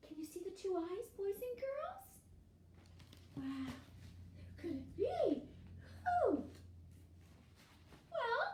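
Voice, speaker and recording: Children's librarian, woman, animated read-aloud, gasping, lively pitch, slow delivery. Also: roomy sound. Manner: animated, gasping, speaks to young kids.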